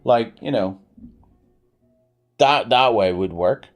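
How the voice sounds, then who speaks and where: A man's voice: takes it slowly, soft background music. Rambling guy streaming a game. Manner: rambling, many fillers and restarts; pitch swings widely. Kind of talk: live-stream chat.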